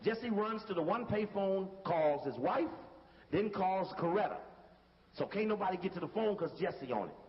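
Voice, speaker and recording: A man with a high, lifted voice talks through video footage in a casual, emphatic way, calling out cues to stop and rewind as he goes. His voice comes through a dull recording with a long, roomy reverb, and a faint hiss sits underneath. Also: expressive, moderate pace. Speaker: video commentator.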